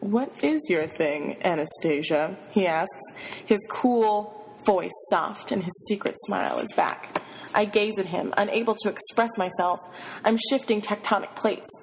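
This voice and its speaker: A woman reading a novel aloud in the first person, giving the inner monologue an expressive, flustered delivery. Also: medium pitch, measured pace, gravelly, long reverb tail, a little hiss or hum, rough recording. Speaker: reader.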